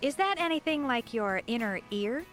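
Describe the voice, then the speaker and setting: A woman's voice: a little high, expressive, moderate pace, fairly bright tone, faint music behind. A woman voicing a ditzy, cheerfully dim teenage girl in a video game, with a chirpy, sing-song delivery. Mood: airheaded.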